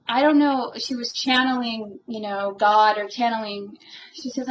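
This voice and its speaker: A woman's voice: a little high, fairly even intonation, measured pace, slight background noise. Earnest rambling woman on a lo-fi webcam. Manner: earnest and rambling, with many fillers; emotionally moved. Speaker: spiritual vlogger. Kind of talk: casual personal monologue.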